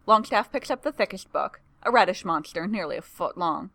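Woman narrator, expressive storybook reading, dry close sound. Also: medium pitch, brisk, vocal fry, dry recording.

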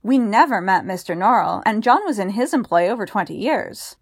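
A woman reading the part of a warm, sharp-eyed countrywoman with a rough Yorkshire accent. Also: medium pitch, lively intonation, dry recording, clean studio sound. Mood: hospitable. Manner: warm, brisk, hospitable.

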